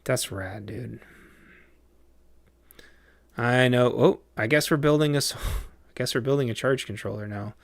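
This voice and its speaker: Gravelly rambling male streamer. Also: mid-range voice, measured pace, long pauses, no echo. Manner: rambling, lots of fillers and restarts. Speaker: game streamer. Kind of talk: casual livestream chat while playing a game.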